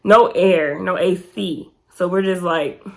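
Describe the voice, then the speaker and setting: Young woman vlogger, lively casual storytime, acts out quotes high. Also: takes it slowly, creaky. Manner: animated, acts out quotes in raised pitch.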